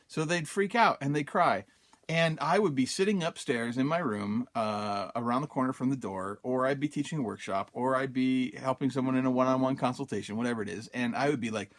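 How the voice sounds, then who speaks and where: A man's voice: mid-range voice, normal speed. A man hosting a self-help podcast, telling a personal story casually, with many fillers, and acting out his own thoughts in quotes. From Utah, USA. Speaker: podcast host.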